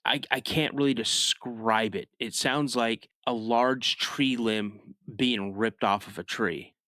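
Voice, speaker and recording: A man tells a story as a podcast guest, in a relaxed, chatty way and at a middling pitch. He pushes his voice up high and loud to act out moments of panic. The sound is close and dry, with no room echo. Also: slow pace. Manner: animated storyteller, rises sharply when acting out his younger self shouting; frequent restarts and "you know" asides. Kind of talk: casual first-person storytelling.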